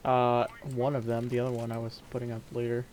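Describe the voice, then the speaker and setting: A man's voice: medium pitch, monotone, fast talker, darkish tone, rough recording. A man co-hosting a casual chat between friends, giving short, dry, teasing replies. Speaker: podcast co-host. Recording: clear background noise.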